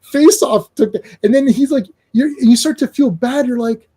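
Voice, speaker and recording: A man hosting a casual movie podcast, talking in an excitable, rambling way with frequent laughs and swearing. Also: very high-pitched, moderate pace, breathy edge. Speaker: podcast host. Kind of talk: casual movie review chat.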